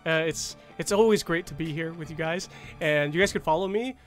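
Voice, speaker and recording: A man's voice: a little high, a little fast, soft background music. A man casting an esports tournament, enthusiastic and rambling, often cutting in to add a point. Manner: enthusiastic, rambling, self-interrupting. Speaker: esports caster.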